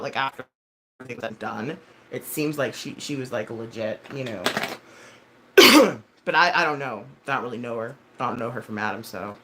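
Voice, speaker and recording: A woman's voice: rumbling low, a bit bright, slight background noise. A woman in her thirties hosting a live stream, chatting casually with viewers in a rambling, blunt and heavily profane way, full of fillers and self-corrections. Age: 30s. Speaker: livestream host.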